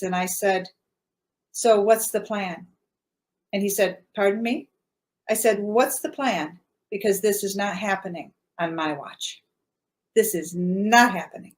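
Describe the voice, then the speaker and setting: An older woman recounting hard family events in an interview, earnest and matter-of-fact, with frequent "uh" pauses. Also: mid-range voice. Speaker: guest. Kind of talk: personal storytelling in an interview.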